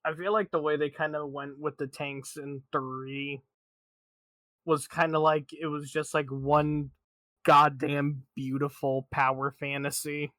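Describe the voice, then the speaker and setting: Laid-back, bright-voiced podcast man. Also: fairly high pitch, flat delivery, unhurried, dry recording. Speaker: podcast co-host. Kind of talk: casual podcast banter.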